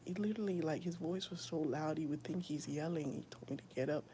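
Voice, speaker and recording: A young woman giving a whispered personal testimony, soft and halting, with a gravelly edge. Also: low-pitched, slight background noise. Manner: soft, often whispered, halting with many fillers. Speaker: streamer sharing a personal testimony.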